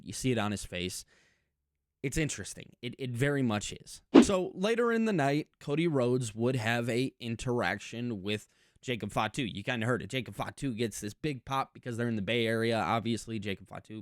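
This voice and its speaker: A man with a middle-pitched voice talks through a wrestling recap in a chatty, emphatic way, often doubling his words when he gets excited. The recording is dry and close, with no room sound. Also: clear, resonant tone, dry recording. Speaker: wrestling commentary channel host. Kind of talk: casual recap and opinion monologue.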